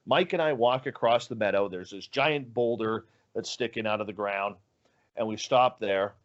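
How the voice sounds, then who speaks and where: A man's voice: lowish voice, normal speed, muffled recording. A man telling a story as a guest in an interview, acting out the dialogue with animation. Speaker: guest, radio show host.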